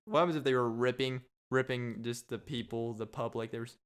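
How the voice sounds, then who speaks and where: Solo podcast host, male, smooth clear voice, loose jokey rambler. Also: mid-range voice, steady tone, brisk, few pauses. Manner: rambling, jokey, riffs and repeats himself. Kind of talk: solo comedic podcast rant.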